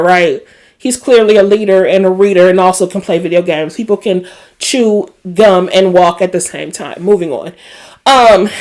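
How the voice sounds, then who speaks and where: A woman hosting a casual TV episode recap, chatty and emotional, with a Black lilt. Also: mid-range voice. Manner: chatty and animated, emotional asides. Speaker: recap host.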